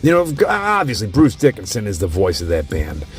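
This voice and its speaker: A man's voice: lowish voice, huge pitch swings, normal speed. A man casually ranking music in a profane, opinionated rant. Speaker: host.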